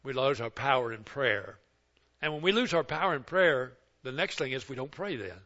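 An older man preaching a sermon, folksy and story-driven. He swings between loud, emphatic exhortation and slow, hushed passages. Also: mid-range voice, lively intonation. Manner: folksy storytelling that acts out others' words. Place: church service. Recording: muffled lo-fi recording.

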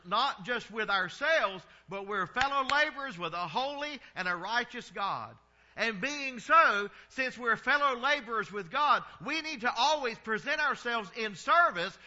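High, bright-voiced Southern pastor preaching. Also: male voice, lo-fi sound. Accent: Southern American. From American South. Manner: folksy preaching, drawn-out vowels, chuckles at his own stories. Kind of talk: sermon.

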